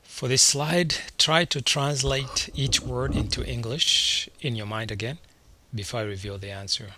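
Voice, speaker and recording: A man's voice: mid-range voice, fairly even intonation, measured pace, background noise. A man teaching a beginner language lesson over slides, patiently repeating each word and checking in with the learner. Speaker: Arabic teacher.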